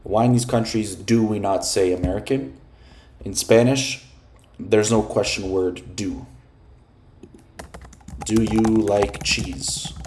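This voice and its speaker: A man teaching beginner Spanish in English, patiently explaining words and grammar with the odd filler and throat clearing. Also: on the low side, a little mellow, slight background noise. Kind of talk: explaining a listening exercise.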